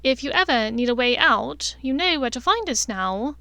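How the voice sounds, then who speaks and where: A woman voicing a warm, friendly middle-aged witch with a direct, motherly manner. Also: high-pitched, animated, moderate pace, dry recording, heavily acted.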